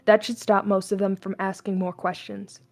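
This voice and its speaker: A woman reading a stern young male skeleton soldier who gives low, commanding instructions. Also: little pitch movement, normal speed, faint music behind, lightly acted. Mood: instructing.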